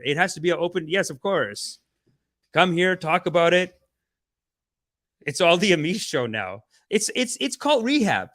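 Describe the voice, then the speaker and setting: Man, podcast host, livestream chat, fairly high voice, sharp bright tone, slangy, hyped, mock-preachy. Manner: energetic, slangy hype talk with big swings in loudness; playful mock-spiritual preaching.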